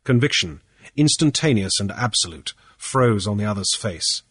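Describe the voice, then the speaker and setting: A man reading a story aloud as narrator in a measured, steady way. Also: on the low side, breathy edge, dry recording, clean studio sound. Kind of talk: audiobook narration.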